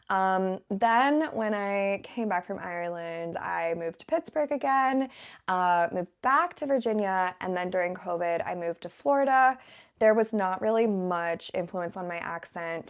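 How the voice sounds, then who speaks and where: An American woman from the Southern United States, an English teacher chatting casually to camera in a relaxed, rambling way and laughing often. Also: fairly low pitch, unhurried.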